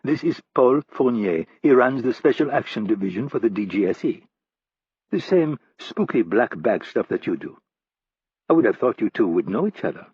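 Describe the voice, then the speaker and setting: A man's voice: mid-range voice, animated, normal speed, a little mellow, husky, dry recording, muffled recording. A man voicing a poised teasing woman. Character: poised, commanding woman, playful and possessive.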